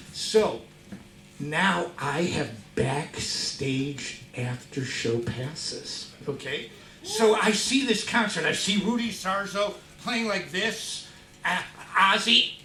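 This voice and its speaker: Middle-aged male guitarist, slow-talking onstage storyteller, excitable, echoey live-concert sound. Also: high voice. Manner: excitable, shouts punchlines, laughs through stories. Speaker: guitarist telling a story on stage. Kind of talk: animated stage storytelling. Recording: echoey concert hall, mic far off.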